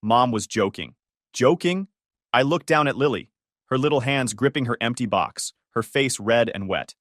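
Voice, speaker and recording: A man narrating a first-person story in an expressive, scripted storytelling manner. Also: medium pitch, moderate pace, dry recording, clean studio sound. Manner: expressive storytelling, shifting tone with the drama.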